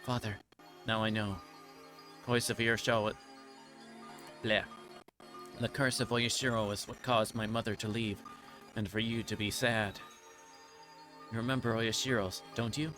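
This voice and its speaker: A delirious, guilt-ridden young girl in a visual novel, read aloud by a man in his own fairly low voice. The reading loops back on itself in anguish and trips over the odd word. Game music plays clearly behind. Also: a bit bright, lightly acted. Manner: repetitive, anguished, occasional stumbles over words. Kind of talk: dramatic reading of game text.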